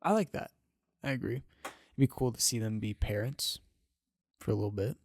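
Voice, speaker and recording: A man's voice: lowish voice, normal speed, creaky, a little mellow, no room sound, clean studio sound. A man co-hosting a casual podcast, answering with short eager reactions. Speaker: podcast co-host. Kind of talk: casual chat.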